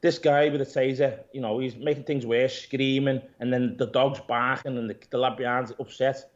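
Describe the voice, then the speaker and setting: A man, an interview guest who owns a gym, retelling events in a rambling, animated way, swearing and calling people "mate". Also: medium pitch, moderate pace. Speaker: interview guest, gym owner and pro bodybuilder. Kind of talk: casual storytelling interview. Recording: dull lo-fi audio.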